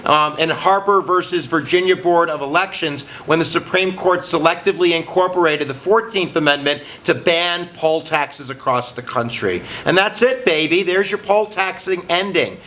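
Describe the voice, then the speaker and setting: A man's voice: a little high, normal speed, hardly any pauses, sharp tone, slight background noise. A man hosting a history lesson channel, talking to viewers in an upbeat, jokey, casual way. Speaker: history teacher host.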